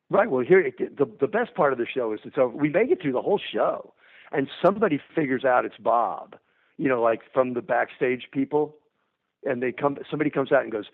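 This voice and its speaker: A man telling an animated, profane anecdote and acting out what people said. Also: fairly high pitch, a little fast. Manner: profane, energetic, acts out dialogue. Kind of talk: animated storytelling. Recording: tinny phone-like sound.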